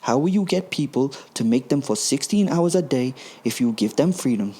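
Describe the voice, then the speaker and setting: A man's voice: mid-range voice, expressive, moderate pace, dark tone, slightly rough, pitched above the performer's own voice. A man voicing Gruber, a fretful, camp German slave-owning man, in a thick German accent. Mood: puzzled.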